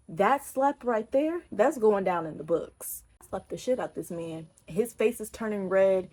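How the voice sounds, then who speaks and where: A young woman vlogger from Texas tells an animated, emphatic, profane storytime in casual talk. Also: mid-range voice.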